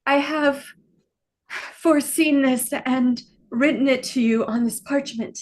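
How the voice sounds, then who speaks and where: A woman performing comic improv scenes, delivering short lines in a deadpan way. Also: high voice, takes it slowly. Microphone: video call.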